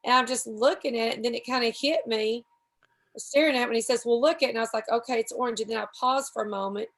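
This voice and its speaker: A woman's voice: on the high side, fast, fairly bright tone. A woman, a podcast guest, telling rambling, self-deprecating stories in casual chat.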